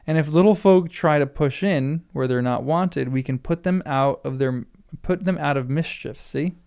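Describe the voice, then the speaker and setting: A man's voice: on the high side, normal speed, gravelly, darkish tone, smooth. A man reading aloud as a sneering, threatening ruffian from a novel. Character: menacing mocking ruffian man, squint-eyed bully.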